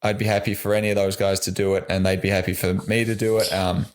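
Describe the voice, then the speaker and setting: A man's voice: deep voice, level tone, fast talker. A man with an Australian accent, a guest on a podcast, chatting easygoing and rambling with lots of "like". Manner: easygoing, rambling, says "like" a lot. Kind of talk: casual podcast chat.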